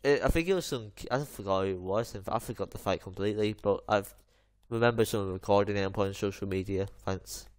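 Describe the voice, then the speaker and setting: A man's voice: fairly low pitch, fast talker, a little mellow. Rambling man telling a story. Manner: rambling anecdote full of fillers and restarts. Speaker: gaming channel host. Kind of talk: casual chat while gaming.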